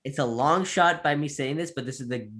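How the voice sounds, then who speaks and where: A man co-hosting a casual movie review podcast, gushing and excitable, breaking into laughs. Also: a little high, fairly quick. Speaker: podcast co-host.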